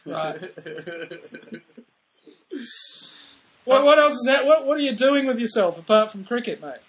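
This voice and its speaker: A man's voice: very high-pitched, very animated, a little slow, a bit bright. A man co-hosting a podcast, chatty and joking, often calling people mate. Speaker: podcast co-host. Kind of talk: casual chat.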